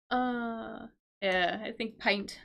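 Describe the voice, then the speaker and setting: A woman's voice: on the high side, sharp tone, slight background noise. A woman teaching English vocabulary on a live stream, explaining words patiently, checking in with "right?" and answering her chat.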